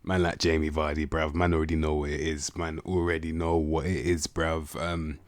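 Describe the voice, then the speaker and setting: Brief: young guy, very low voice, laid-back slang-heavy game commentary, dry close mic. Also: dry recording. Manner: relaxed slang-heavy chatter, drawn-out asides. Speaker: gaming YouTuber. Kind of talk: casual commentary over a football management game.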